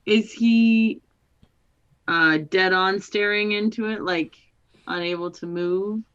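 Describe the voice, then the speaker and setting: A woman playing a tabletop game, giggly and playful. She speaks slowly. Her voice comes through a dull, muffled recording. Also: mid-range voice, steady tone, fairly bright tone, clear, resonant tone. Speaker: player. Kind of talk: casual tabletop play.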